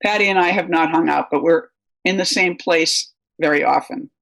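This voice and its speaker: A woman's voice: low-pitched, moderate pace, vocal fry, a bit bright. An older American woman, a guest writer, answering interview questions in a rambling, anecdotal way with many fillers.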